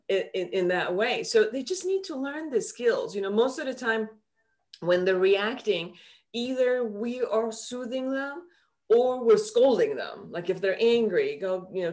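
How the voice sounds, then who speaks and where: A woman psychotherapist explaining her methods in an interview, animated, acting out quoted dialogue as she goes. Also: mid-range voice. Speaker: psychotherapist guest. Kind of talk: explaining in conversation.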